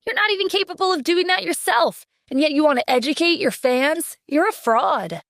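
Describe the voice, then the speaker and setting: A woman voicing a calm, stern young man who heads a security department, speaking firmly in an audio drama. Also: high-pitched, normal speed, no room sound, clean studio sound, voice pushed up. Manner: cool, firm, demanding. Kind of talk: audiobook character voice.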